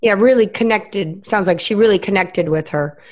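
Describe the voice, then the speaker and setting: Woman, interview host, from Southern Maryland, affirming, casual chat, medium pitch. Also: slight background noise. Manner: warm affirming, quick to agree. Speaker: podcast host.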